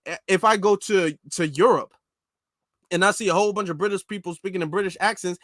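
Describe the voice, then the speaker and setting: A man's voice: high voice, a little fast, fairly bright tone, no echo, studio quality. An American man commentating on clips, exasperated and stammering through restarts as he argues. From United States. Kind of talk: reaction commentary.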